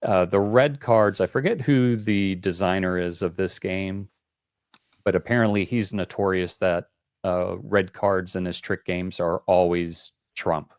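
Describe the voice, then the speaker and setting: A man's voice: low voice, fairly even intonation, a little slow, no room sound, clean studio sound. A man hosting a board game call-in show, explaining rules in a rambling, casual way with many fillers.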